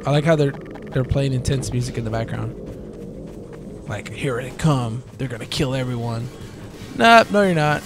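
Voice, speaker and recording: A man's voice: medium pitch, animated, normal speed, pauses often. A man giving casual, joking let's play commentary, swearing, laughing and playing mock-scared. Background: game music and gunfire.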